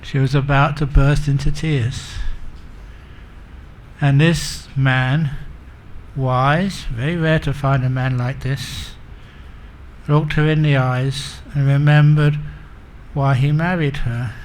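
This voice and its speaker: A man's voice: medium pitch, fairly even intonation, takes it slowly, pauses often, a little mellow, a little hiss or hum. A man giving a humorous Buddhist dharma talk as a monk teacher, telling stories and acting out the characters. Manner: humorous, self-mocking.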